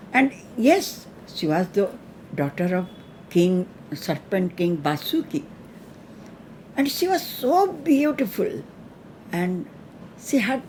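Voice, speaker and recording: A woman tells a mythological tale slowly and earnestly, pausing often as she goes. Her pitch moves in a lively, sing-song way, with a faint hiss of noise behind her. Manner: slow, halting, earnest retelling. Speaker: storyteller. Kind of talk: told mythological story.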